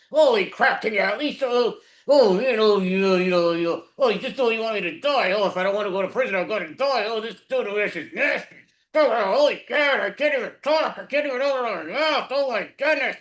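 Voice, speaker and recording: A man playing a rambling male hitchhiker in an improv scene, gushing and stammering with "oh" at every turn. His voice sits high for a man and bounces off a roomy, echoey space. It sounds picked up over a video call. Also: fairly bright tone. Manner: exclaims "oh" constantly, rambling and stammering. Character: chatty male hitchhiker, easily delighted then panicky.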